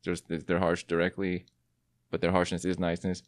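A man's voice: sits low, monotone, moderate pace, dry recording. A man hosting a podcast, chatting casually and teasing his guest playfully. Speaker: podcast host. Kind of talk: casual conversation.

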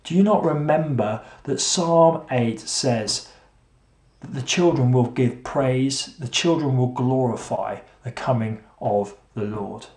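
A male preacher giving a sermon, asking rhetorical questions and repeating phrases, at times emphatic and at times hushed. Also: mid-range voice, takes it slowly. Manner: swings between emphatic and hushed delivery. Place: church hall. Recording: echoey room.

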